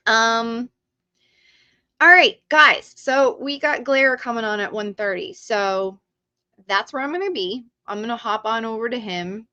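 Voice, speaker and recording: A woman running a casual live stream, excitable and talking straight to her viewers in a bright, forceful, slightly high voice. She speaks slowly, and the sound is dry and dull, like lo-fi stream audio. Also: dry recording.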